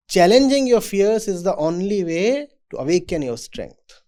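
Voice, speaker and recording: A man giving a reflective talk to students as a spiritual teacher. He speaks in a deliberate, measured way. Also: high-pitched, big pitch swings, dark tone.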